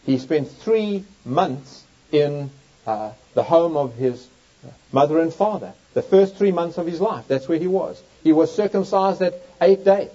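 A man's voice: on the high side, animated, a little slow, dark tone. A man preaching a Bible teaching sermon, reading scripture aloud with emphatic, swooping delivery. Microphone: overhead projector in use, lecture setting. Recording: dull lo-fi recording.

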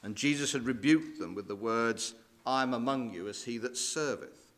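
A man's voice: mid-range voice, moderate pace. A man preaching a sermon, walking listeners through scripture passages and asking rhetorical questions. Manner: expressive, rising and falling emphasis with rhetorical questions; quotes scripture in old-fashioned wording.

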